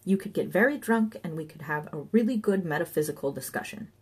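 A woman's voice: lowish voice, animated, fairly quick, breathy edge. A woman doing a sly, teasing imaginary friend. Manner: playful, needling, sly. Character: mischievous hairy imaginary male companion, teasing.

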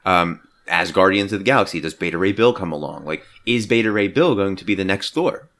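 Deep-voiced man in excited fan chat. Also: a little fast. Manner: animated, theorizing fan talk with many fillers. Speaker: podcast co-host. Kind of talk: casual movie review chat.

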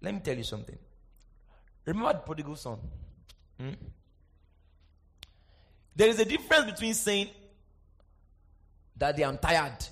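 A male preacher with a high voice delivers a lively sermon. He surges into shouted, sing-song refrains and then drops to hushed, confiding asides, checking in with the congregation again and again. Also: moderate pace, creaky, pauses often, husky. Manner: asks the congregation for response, sing-song emphasis.

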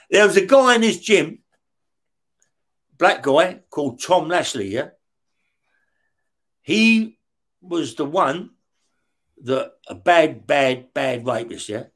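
Middle-aged man, high and light voice, interview guest, swears constantly and acts out the other voices in his tales. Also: creaky, a bit bright. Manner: heavy swearing, acts out the dialogue in his stories. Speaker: guest, former career criminal. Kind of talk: casual storytelling in an interview.

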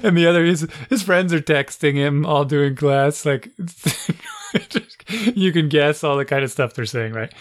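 A parent telling an exasperated story in a casual chat, animated and full of "like" fillers. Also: medium pitch, a little slow.

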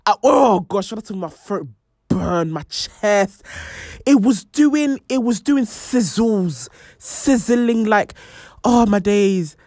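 A woman's voice: mid-range voice, slow, no echo, studio quality. A young woman hosting a podcast, telling a personal story with lots of fillers and acted-out quotes. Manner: animated, many fillers, acts out quoted voices. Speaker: podcast host.

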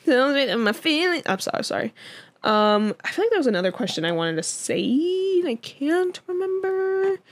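A young woman co-hosting a podcast in casual chat, talking loosely with many fillers and quick laughs. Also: sits high, very animated. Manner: chatty, lots of fillers and laughs. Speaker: podcast co-host.

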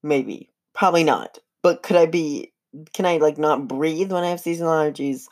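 A woman's voice: low-pitched, normal speed, darkish tone. A young woman hosting her own podcast, rambling and joking at herself in casual solo chat. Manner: rambling, jokey, self-mocking. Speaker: podcast host.

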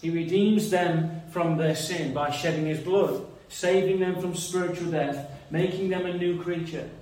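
A man's voice: on the high side, measured pace, darkish tone. A man preaching a sermon in an earnest, reasoning way, often repeating words as he thinks. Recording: echoey room, mic some distance away.

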